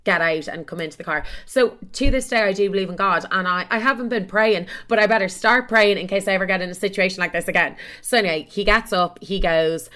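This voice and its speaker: A woman's voice: medium pitch, steady tone, fast talker, hardly any pauses, sharp tone. A young woman hosting a podcast, telling a story in a dramatic, exaggerated way and swearing freely. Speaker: podcast host.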